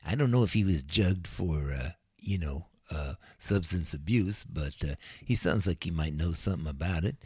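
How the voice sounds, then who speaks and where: A man's voice: sits low, animated, normal speed, few pauses, a little mellow, husky, dry recording, clean studio sound. An older man hosting a radio show as DJ, chatting in a laid-back, rambling way with plenty of fillers. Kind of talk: casual radio chat.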